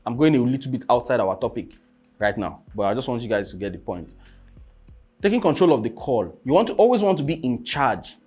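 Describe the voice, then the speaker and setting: A young man coaches on presentations in a casual teaching talk, his husky, medium-pitched voice swinging widely in pitch at a brisk pace. He keeps asking "you understand?" and bursts out loudly, with soft background music underneath.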